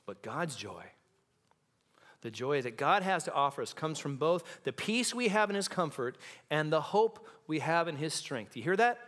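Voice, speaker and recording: A pastor preaching a sermon in a church, building to impassioned peaks and dropping to hushed, quiet lines. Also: male voice, fairly high pitch, animated, moderate pace. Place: church sanctuary.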